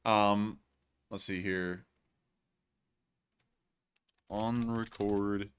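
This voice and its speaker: A man's voice: fairly low pitch, steady tone, extremely slow, clean tone. A young man in his twenties hosting a livestream, chatty and jokey, laughing often as he reads through viewer messages. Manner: jokey, laughs often, repeats "oh, man, I'm telling you". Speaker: host. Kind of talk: livestream casual chat.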